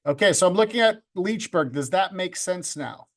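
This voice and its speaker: A man with a high-pitched, expressive voice teaches video editing over a video call at a moderate pace. As the video club instructor, he jokes and keeps things upbeat, addressing students by name from a home room with a green screen.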